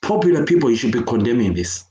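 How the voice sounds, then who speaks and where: A Zimbabwean man who works with children speaks out in an impassioned video rant, angrily and emphatically condemning what he has seen, repeating himself and switching between English and Shona. His mid-range voice is warm and sing-song at a quick pace, recorded in an echoey room with the highs cut off.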